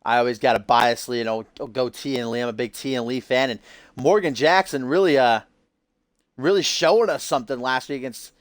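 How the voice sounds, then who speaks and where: A man's voice: mid-range voice, brisk, no room sound. A man calling a wrestling show over his game stream, upbeat and chatty, with an ordinary mid-range voice. The sound is dry and close, with no room heard around him. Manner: upbeat hype, loose and casual with frequent "uh".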